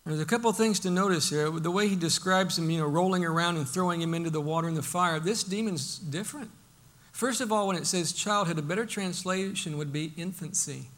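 A male preacher with a high-pitched, bright voice delivers a sermon. He swings between loud, emphatic bursts and quiet, intimate lines, acting out the Bible quotes as he goes. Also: a little fast.

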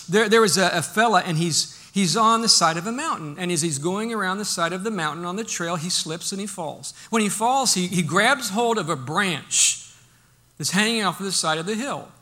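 Male pastor, high-pitched and folksy, preaching conversationally with frequent restarts. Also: sharp tone. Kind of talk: sermon.

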